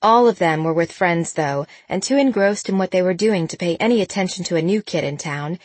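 A woman narrating an audiobook in an even storytelling manner, close to the mic. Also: on the low side, fairly quick, no echo.

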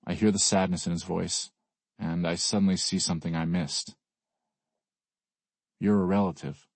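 A man with a very deep, husky voice reads a first-person audiobook. His delivery is weary and brooding, and the recording is dry and close to the mic. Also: level tone, fairly quick, no room sound. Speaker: audiobook narrator. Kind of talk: first-person scripted narration.

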